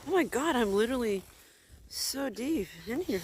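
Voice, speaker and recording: A woman vlogging while house-sitting two pugs, talking breathlessly and cooing to the dogs in a high sing-song voice, filmed outdoors in snow on a handheld camera. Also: animated, moderate pace. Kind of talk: casual vlog chatter to dogs. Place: outdoors in deep snow, then indoors.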